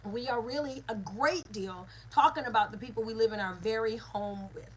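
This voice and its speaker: A woman's voice: fairly high pitch, normal speed, slight background noise, rough recording. A woman, a mother and spiritual teacher, giving an earnest lesson with repeated phrases and call-and-response. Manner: earnest, repetitive teaching cadence.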